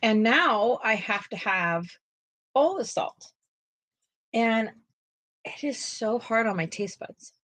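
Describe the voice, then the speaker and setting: A woman's voice: a little high, animated, takes it slowly, pauses often, a bit bright, dry recording. A woman hosting a coloring livestream, chatting casually and talking to her viewers in the chat as she colors. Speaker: livestream host.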